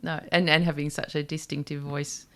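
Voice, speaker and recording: A woman's voice: low voice, level tone, normal speed, bright, forceful tone. A woman hosting an interview, asking pointed follow-up questions. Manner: engaged, pushes back with questions. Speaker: interview host. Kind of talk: casual interview.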